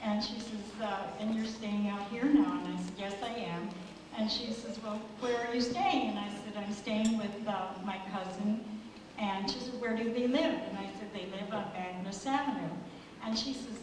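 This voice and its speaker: An older woman in her seventies from the United States, softly telling a story in a speech at an anniversary party, recorded from far off in a large hall. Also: a little high, moderate pace. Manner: soft-spoken, chatty, with restarts. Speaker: guest giving a speech. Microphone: far room microphone. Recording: echoey hall from far off, noisy.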